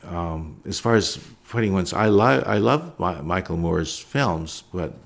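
Man, gravelly voice, plainspoken, reflective, documentary maker in an interview. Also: low-pitched, animated, measured pace. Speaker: documentary filmmaker. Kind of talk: conversational interview answers.

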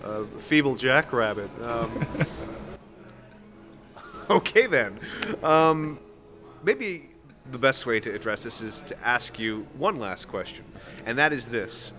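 A man's voice: mid-range voice, expressive, slow pace. A man interviewing an author, asking long, playful and wordy questions and poking fun at his own phrasing.

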